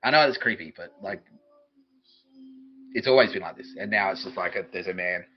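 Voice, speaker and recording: A man's voice: low-pitched, fairly quick. A man hosting a podcast, ranting in a rambling, profane monologue and mocking people in put-on voices. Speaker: podcast host. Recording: dull lo-fi recording.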